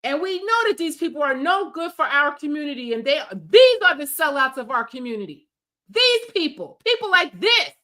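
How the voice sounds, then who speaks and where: This high-voiced woman talks briskly with lively intonation and a sharp edge. As a streamer, she launches into an emphatic political rant full of heated scolding.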